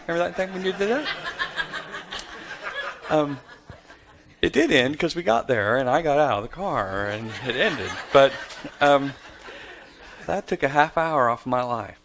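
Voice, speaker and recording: A middle-aged man giving parenting advice as a story, acting out both sides of a conversation and jumping into a high voice for a child's lines. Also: lively intonation, moderate pace, vocal fry, long pauses, a bit bright, a little hiss or hum. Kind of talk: storytelling talk.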